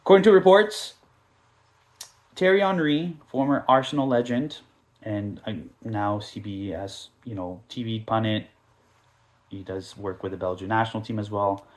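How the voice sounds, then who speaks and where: A man hosting a casual soccer podcast, talking in an animated, mocking, rambling way, full of asides and mimicked quotes. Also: on the low side, normal speed. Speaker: podcast host.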